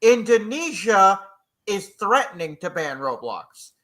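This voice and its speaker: A man co-hosting a casual livestream chat, wry and animated. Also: high voice, unhurried. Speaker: co-host.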